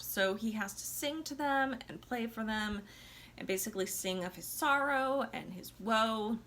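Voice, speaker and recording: A woman's voice: medium pitch, sharp tone, a little hiss or hum. A tipsy woman vlogger retelling an opera plot in a chatty, slangy way with sarcastic asides. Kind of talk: casual comic retelling.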